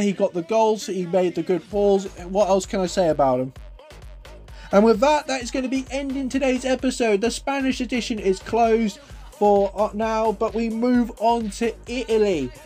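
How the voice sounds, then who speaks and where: A man giving excitable play-by-play commentary over his own football video game match, mixing calls with asides. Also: high-pitched, moderate pace, soft background music. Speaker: gaming YouTuber. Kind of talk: live gameplay commentary.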